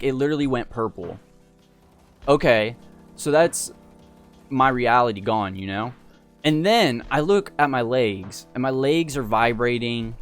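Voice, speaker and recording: A man spins a casual personal story in a slangy, animated, laid-back voice, his pitch sitting in an ordinary middle range. Faint music plays softly behind him. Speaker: storyteller host.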